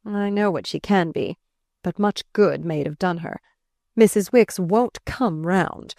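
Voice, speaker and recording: A woman voicing a charming, flustered gentleman who speaks to a child fondly and teasingly but uneasily, in an audiobook. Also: fairly low pitch, measured pace, creaky, dry recording, studio quality.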